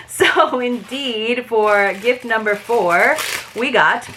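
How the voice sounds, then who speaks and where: A woman's voice: a little high, extremely slow, fairly bright tone, a little hiss or hum. A woman reviewing a subscription book box in a chatty, casual way, laughing at herself and reading excerpts aloud. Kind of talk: casual review vlog with read-aloud passages.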